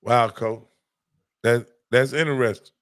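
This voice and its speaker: A man hosting a casual sports picks chat, folksy and relaxed, calling his partner "Coach" again and again. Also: mid-range voice, a little slow. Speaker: host.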